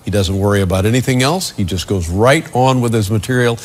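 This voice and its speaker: A man interviewing a guest, asking questions in a measured, deliberate way. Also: fairly low pitch.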